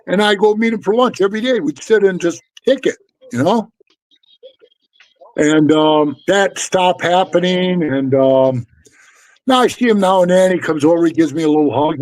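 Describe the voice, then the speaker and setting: A middle-aged man tells stories in a loose, blunt way, swearing freely and calling his listener "bro". His voice sits high for a man. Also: animated, normal speed, darkish tone, low-quality recording. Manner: blunt, profane, keeps saying "bro". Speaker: former motorcycle club member telling stories. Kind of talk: casual storytelling chat.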